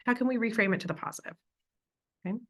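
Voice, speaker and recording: A young American woman presenting a parenting workshop, chatty and upbeat, often slipping into quick acted-out voices of parents and children. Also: a little high. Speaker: parent educator.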